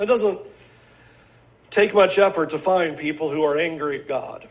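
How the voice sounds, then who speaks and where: A man with a fairly high voice preaches a sermon. He speaks earnestly and at a measured pace, often posing rhetorical questions to his listeners. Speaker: pastor.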